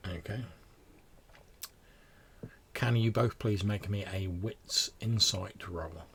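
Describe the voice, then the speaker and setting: A game master narrates a tabletop role-playing scene in a descriptive style, often restarting his phrases. His voice is low and gravelly, with a rough fry. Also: slow, fairly bright tone, a little hiss or hum.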